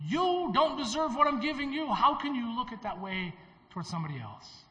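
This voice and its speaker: Preacher doing a scolding voice of god, way up high, echoing round the church. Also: male voice, expressive, brisk, sharp tone, full character voice. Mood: rebuking. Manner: scolding, incredulous questions. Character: the Lord, stern male divine voice rebuking.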